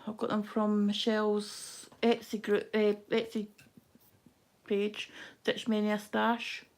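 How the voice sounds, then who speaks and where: A woman's voice: medium pitch, completely flat delivery, slow pace. A woman hosting a livestream while she stitches, counting and muttering asides half to herself, flustered and hot. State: flustered and overheated. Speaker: livestream host. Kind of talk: casual self-talk while stitching on a livestream.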